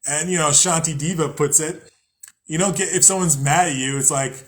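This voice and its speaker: The young male podcast host's voice sits on the high side, with fairly even intonation and a moderate pace. He discusses spirituality in a loose, rambling way, swearing often, laughing at himself, and occasionally acting out angry voices.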